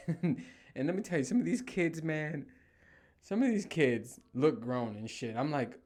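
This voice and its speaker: A man's voice: a little high, unhurried. A man in his thirties hosting a casual solo podcast from a room in his home, telling stories with lots of swearing and acting out what people said. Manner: animated storytelling, heavy swearing, acts out quotes. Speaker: podcast host.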